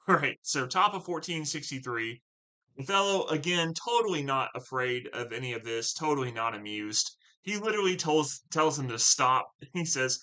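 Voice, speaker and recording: Bright-voiced man explaining Shakespeare. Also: mid-range voice, animated, normal speed, low-quality recording. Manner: casual, enthusiastic, many fillers and "right?". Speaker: teacher. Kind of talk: reading and explaining a play line by line.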